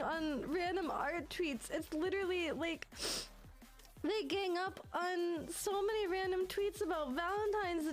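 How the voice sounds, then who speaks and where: Tearful woman with a very high voice. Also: a little slow, faint music behind.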